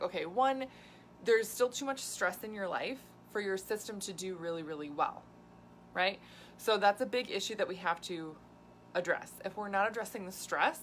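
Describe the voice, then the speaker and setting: A woman's voice: medium pitch, fairly bright tone, a little hiss or hum. A middle-aged woman health coach, chatting casually to camera, laughing often and acting out her clients' complaints. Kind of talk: casual talking-head video lesson. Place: indoors, drawing on a board.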